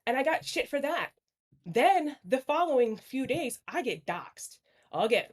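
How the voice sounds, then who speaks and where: A woman's voice: sits high, very animated, measured pace. A woman talking bluntly and apologetically on a livestream panel over a video call, swearing often. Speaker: stream panel guest. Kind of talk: candid livestream chat.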